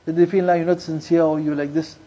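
In a high-leaning, mellow voice with a flat delivery, this Islamic preacher tells stories in his sermon, repeating important lines and mixing Urdu and Arabic religious vocabulary into English. Quranic verses come out quickly in Arabic. The sound is lo-fi with slight background noise.

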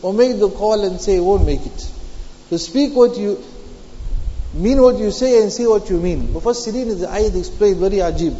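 A man delivers a sermon on Quranic commentary, repeating his key phrases and slipping Arabic terms into his English. His voice sits high yet mellow. The recording is dull and lo-fi, with a long reverb trailing off each line. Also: normal speed. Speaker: Islamic preacher.

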